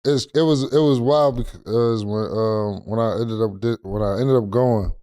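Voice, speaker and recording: A man's voice: fairly low pitch, moderate pace, mellow, no echo, clean studio sound. A man in his thirties, a podcast guest, telling a rambling story in casual chat with many restarts.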